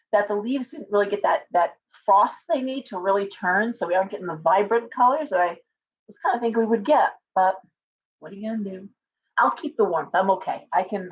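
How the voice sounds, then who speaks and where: A middle-aged woman hosting a casual live chat from home, rambling and greeting viewers by name. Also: medium pitch. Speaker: livestream host. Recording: dull lo-fi livestream audio.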